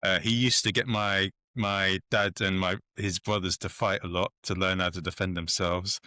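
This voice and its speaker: Enthusiastic male podcast host, bright voice. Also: low voice, flat delivery, moderate pace, dry recording. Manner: enthusiastic, rambling, many restarts. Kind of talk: casual interview chat.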